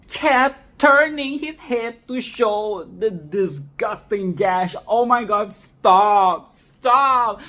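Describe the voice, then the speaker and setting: A woman giving a casual, animated film commentary, swearing, laughing and repeating phrases for emphasis. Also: medium pitch, creaky. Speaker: film review vlogger.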